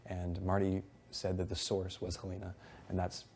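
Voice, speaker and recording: A man's voice: low-pitched, completely flat delivery, moderate pace, darkish tone, slight background noise. A young man in casual conversation, retelling events in a rambling, heated way, quoting others and swearing often. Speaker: reality show houseguest.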